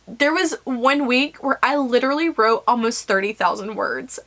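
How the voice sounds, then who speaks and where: A woman's voice: on the high side, moderate pace, hardly any pauses, sharp tone. A young woman, an author talking earnestly and emotionally to her viewers in a rambling casual vlog. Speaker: self-published author and vlogger.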